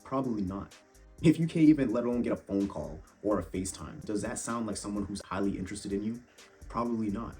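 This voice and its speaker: A young man with a very deep, low voice delivers blunt, swear-filled dating advice in a casual monologue. He keeps addressing the listener as bro. Faint music plays underneath. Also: a little fast, dark tone. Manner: blunt, profane, calls viewers bro. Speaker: fitness and dating vlogger.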